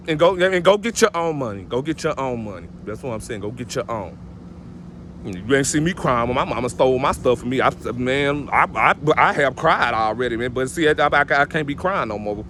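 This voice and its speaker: A man's voice: mid-range voice, expressive, brisk, a bit bright, slight background noise. A man giving casual motivational advice, emphatic and preachy, often repeating his stock phrases. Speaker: vlogger giving life advice.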